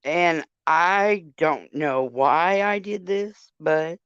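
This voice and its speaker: A woman's voice: low-pitched, drawn-out words, fairly bright tone, smooth, no room sound. Profane chatty older woman, drawl. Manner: profane, chatty, addresses viewers directly. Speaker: livestream host. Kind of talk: casual livestream storytelling. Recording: dull lo-fi sound.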